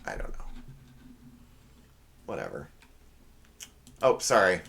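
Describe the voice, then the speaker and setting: A man hosting a comedy podcast, talking through a casual monologue with sarcastic, rambling asides and quick self-corrections. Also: mid-range voice, big pitch swings, fairly bright tone. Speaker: podcast host.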